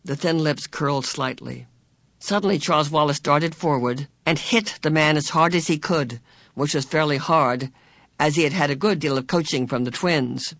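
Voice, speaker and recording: A narrator reading a novel aloud in a measured, even way. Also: mid-range voice, no echo. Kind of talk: scripted audiobook narration.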